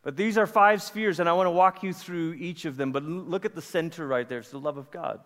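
A pastor in his forties from Malaysia, preaching in a casual, animated storytelling manner to a church. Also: fairly high pitch, a little fast. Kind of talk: conversational sermon. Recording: long hall reverb.

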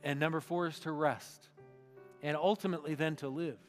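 A male pastor delivers a sermon, his voice sitting a little high for a man. He reads slowly and meditatively and often sinks to a near hush. The recording carries a long hall reverb, with soft instrumental music faintly underneath. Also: fairly even intonation. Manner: slow meditative reading that drops to a hushed voice. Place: church sanctuary.

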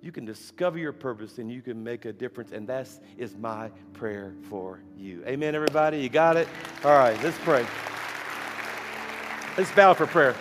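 A man's voice: mid-range voice, expressive, moderate pace, crowd noise. A man preaching a storytelling sermon as a guest preacher in a church. He speaks animatedly, fires off rhetorical questions and laughs at his own stories. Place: church sanctuary. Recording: echoey hall with faint music.

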